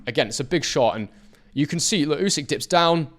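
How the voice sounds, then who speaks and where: Fast-talking man breaking down fight footage. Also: a little high, lively intonation, a bit bright. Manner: emphatic, talks straight to viewers. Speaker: boxing analyst.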